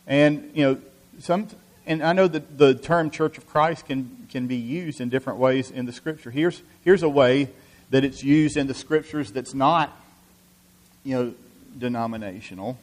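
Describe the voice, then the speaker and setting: Male preacher, sermon delivery, earnest and halting, average pitch. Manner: earnest, many restarts and "you know" fillers.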